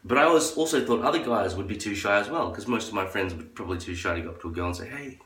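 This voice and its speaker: A man's voice: very fast, a bit bright. A man delivering a crude, profane, rambling monologue as a vlogger. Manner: crude, profane ranting; acts out others in a high falsetto. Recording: echoey room, far from the mic.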